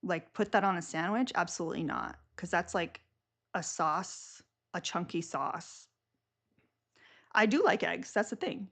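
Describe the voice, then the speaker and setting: A woman's voice: lowish voice, lively intonation, measured pace, a bit bright. A young woman hosting a live stream, chatting casually and rambling with lots of filler words.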